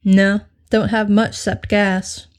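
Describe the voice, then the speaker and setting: A woman reading aloud and voicing a weathered old gas station owner who talks slowly and tersely. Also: medium pitch, level tone, close to an everyday voice. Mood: laconic.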